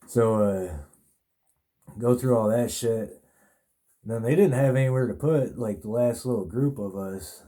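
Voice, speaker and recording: A man's voice: medium pitch, unhurried, long pauses, warm tone. A man hosting a podcast, telling a personal story in a rambling, casual way, swearing a lot. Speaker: podcast host.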